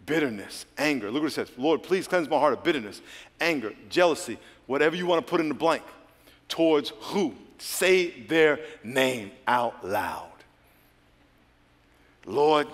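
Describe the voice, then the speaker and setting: A man preaches a sermon in a large church hall, and his slightly high voice rings out with a long reverb. He moves between bursts of loud, lively exhortation and quiet, hushed prayer. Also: a little slow. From United States. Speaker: pastor.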